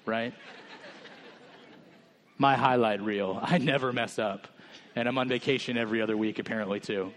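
A man's voice: medium pitch, moderate pace, long pauses, slight background noise. A male senior pastor in his thirties preaching a candid, conversational sermon in a church, open about his own failings. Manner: candid, conversational, self-deprecating.

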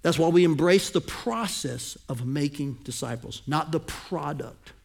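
A pastor preaches a sermon to his congregation in a gravelly, somewhat high voice at an unhurried pace. He swings between loud emphasis and hushed, intimate asides.

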